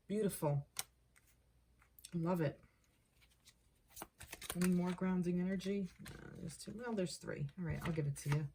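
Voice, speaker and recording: A woman giving a casual tarot card reading, thinking aloud, repeating herself and getting excited over the cards. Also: on the low side, slight background noise. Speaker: tarot reader.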